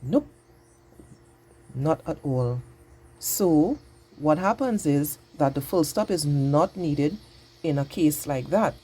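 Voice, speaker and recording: A woman teaching a patient, exaggerated grammar lesson to young children, speaking slowly and clearly. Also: low-pitched, expressive, warm tone.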